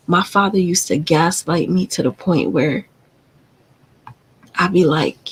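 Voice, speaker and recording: A woman's voice: fairly low pitch, slow pace, pauses often, husky, low-quality recording. A woman hosting a live stream, telling a painful family story in a candid, confiding and profane way. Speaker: livestream host.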